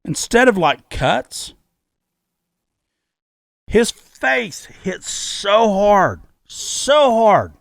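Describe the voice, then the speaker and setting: A middle-aged man co-hosting a podcast, telling a story in a loud, profane way and repeating his key words for emphasis. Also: sits high, big pitch swings, extremely slow, creaky, long pauses, no echo, studio quality. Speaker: podcast co-host. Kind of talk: casual podcast chat. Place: podcast studio.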